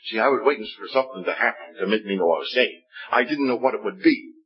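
With a husky, lowish voice, a man preaches a testimony sermon at a quick pace, his intonation lively as he tells a story and performs the voices in quoted dialogue. The recording quality is dull and lo-fi.

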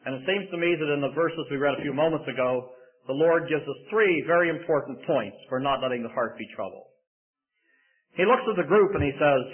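A man's voice: fairly high pitch, a little fast. A middle-aged man preaching a sermon in an earnest way that rises to emphatic bursts. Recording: tinny phone-like sound.

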